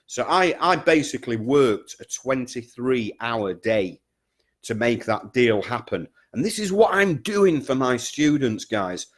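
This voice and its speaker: A man's voice: medium pitch, big pitch swings, measured pace. A man who coaches business students, talking straight to them and repeating his points with frequent "okay?" and "guys". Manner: repetitive, emphatic, keeps checking in with "okay?" and "guys". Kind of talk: direct-to-camera coaching talk.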